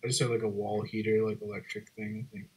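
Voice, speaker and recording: A man's voice: lowish voice, level tone, fast, a little mellow, poor audio. A man joining a casual online hangout as a guest, laid-back, filling his talk with likes and trailing off. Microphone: video call.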